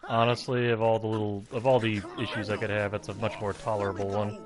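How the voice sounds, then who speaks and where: A man's voice: fairly low pitch, flat delivery, quick pace, few pauses, soft background music. A man giving casual, self-deprecating commentary while playing a game at home, chatting to his cats in between. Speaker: game streamer.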